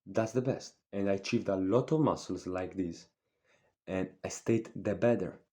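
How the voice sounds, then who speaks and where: A man's voice: low voice, normal speed, dark tone. A nineteen-year-old man, a native Spanish speaker, delivering a blunt, profane, repetitive motivational fitness vlog monologue. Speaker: fitness vlogger.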